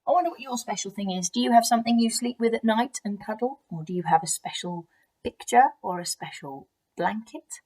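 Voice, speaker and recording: A woman teacher reading a picture book aloud to children, expressive and gentle, with chatty asides. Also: fairly high pitch, fairly quick.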